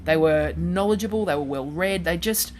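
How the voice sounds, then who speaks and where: A woman in her forties, a guest on a radio show, telling a story in a chatty, animated way. Her voice sits a little low. She talks casually in a radio studio. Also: normal speed, a little hiss or hum. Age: 40s. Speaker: guest comedian.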